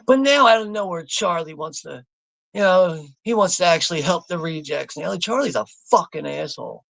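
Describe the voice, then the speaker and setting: Gravelly, bright-voiced swearing American man. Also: sits high, lively intonation, normal speed, dry recording. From United States. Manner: profane, laughing, rambling. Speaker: watch party host. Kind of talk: live movie commentary reading chat.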